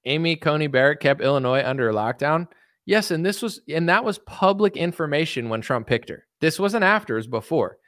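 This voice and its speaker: A man's voice: fairly high pitch, lively intonation, fairly quick, fairly bright tone, no room sound, clean studio sound. A man giving rambling, sarcastic political commentary in a solo vlog, full of "it's like" and mocking quotes.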